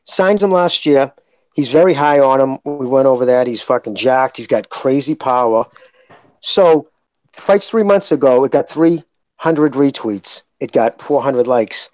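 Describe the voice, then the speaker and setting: A man's voice: mid-range voice, a little slow, darkish tone, no room sound, highs cut off. A man co-hosting a boxing podcast, arguing his point emphatically in casual chat, with frequent swearing. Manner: emphatic, argumentative, profane. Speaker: podcast co-host.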